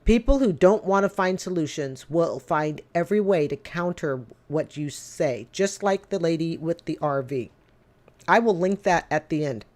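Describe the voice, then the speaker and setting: A woman's voice: low-pitched, animated, moderate pace, darkish tone. A woman in her fifties giving casual, opinionated commentary, blunt and emphatic, repeating her points to drive them home. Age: 50s. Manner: lecturing, addresses people directly. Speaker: commentator reacting to call-in show clips.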